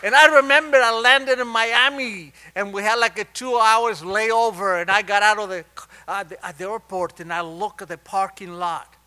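Older Argentine man, high bright voice. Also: normal speed, clear, resonant tone. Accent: Argentine Spanish. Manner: animated, humorous, confiding. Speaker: speaker at a recovery meeting. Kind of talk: personal storytelling talk.

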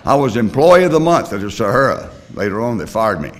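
A man's voice: mid-range voice, very animated, a little fast, a little hiss or hum. An older man telling his personal recovery story to a group in a rambling, blunt way, full of fillers and restarts. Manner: plain, blunt working-class talk. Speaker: recovery meeting speaker.

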